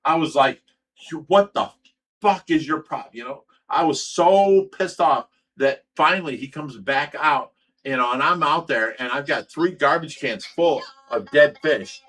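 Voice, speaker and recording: Fired-up man with a higher voice. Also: measured pace, fairly bright tone. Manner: heated, profane storytelling. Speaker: host. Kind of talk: livestream chat.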